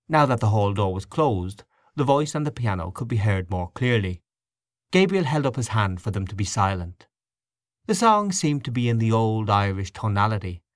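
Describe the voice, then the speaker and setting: A man reading a literary short story aloud as an audiobook narrator, in a measured, expressive way. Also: on the low side, no echo, studio quality.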